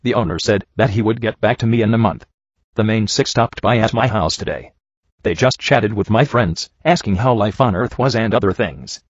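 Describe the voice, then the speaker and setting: Aussie guy reading bad fanfic deadpan, kinda husky, dull lo-fi sound. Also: lowish voice, moderate pace, no room sound. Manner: sarcastic, deadpan. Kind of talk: dry comedic reading and commentary. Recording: dull lo-fi home recording.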